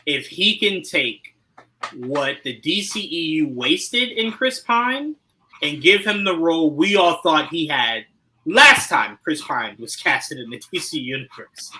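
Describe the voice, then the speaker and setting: Bright-voiced animated man, podcast host. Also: poor audio. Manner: animated, laughing, swings from low asides to loud outbursts. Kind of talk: casual chat.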